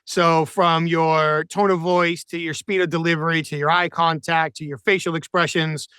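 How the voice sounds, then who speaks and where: High-voiced male podcast host, crisp. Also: little pitch movement, normal speed, bright, forceful tone, no echo. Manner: reflective, hedging with "I feel like". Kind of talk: podcast interview, conversational. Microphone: remote call with a mute button.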